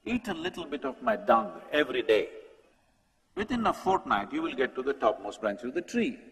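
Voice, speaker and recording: A man's voice: mid-range voice, big pitch swings, moderate pace, close to an everyday voice. A man voicing a sly male bull who gives offhand advice, in a story told during a talk. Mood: nonchalant. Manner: offhand, matter-of-fact. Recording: long hall reverb.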